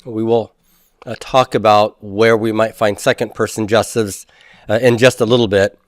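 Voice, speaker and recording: A man's voice: lowish voice, level tone, normal speed, no room sound, clean studio sound. A man teaching a recorded grammar lecture, explaining step by step and putting questions to the class, with folksy asides.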